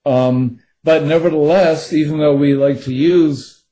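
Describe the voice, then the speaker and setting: A man's voice: on the high side, fairly even intonation, a little slow, warm tone, rough recording. A novelist talking about his craft in an interview, thoughtful and hesitant, with many fillers and restarts. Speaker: novelist and co-author. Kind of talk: interview conversation.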